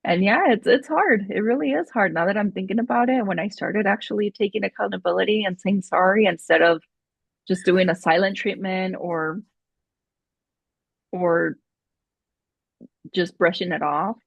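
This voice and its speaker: Husky woman cohost agreeing a lot, dry sound. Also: medium pitch, normal speed, pauses often, dry recording. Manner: supportive listener, affirming with short replies. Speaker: podcast co-host. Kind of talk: casual podcast chat.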